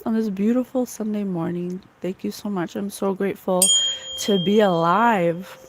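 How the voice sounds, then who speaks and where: A woman's voice: medium pitch, normal speed, noisy background. A woman hosting a psychic livestream, chatting earnestly and emotionally with viewers in the chat. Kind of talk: casual spiritual livestream chat.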